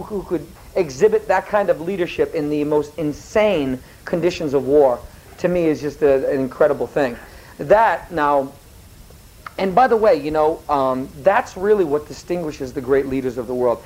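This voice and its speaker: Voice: mid-range voice, darkish tone, low-quality recording. A teacher giving a history lecture in a classroom, rambling and digressing, correcting themself mid-sentence and asking the students questions.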